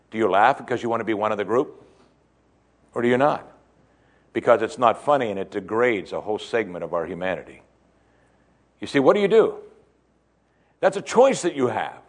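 Man, pastor, sermon, questions the congregation, emphatic, very animated pitch. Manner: emphatic, rising to high excited peaks; asks the congregation direct questions.

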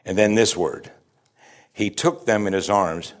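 A man's voice: on the low side, unhurried. A pastor preaching a sermon, reading scripture aloud and then explaining it in a conversational way, pushing his voice up to stress key points. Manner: emphatic, often rising to stress a point.

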